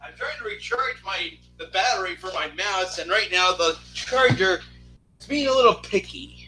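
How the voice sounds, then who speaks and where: High, sharp-voiced rambling man. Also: expressive, moderate pace, faint music behind, rough recording. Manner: rambling, lots of fillers and restarts. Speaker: streamer chatting with viewers. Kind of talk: casual chat.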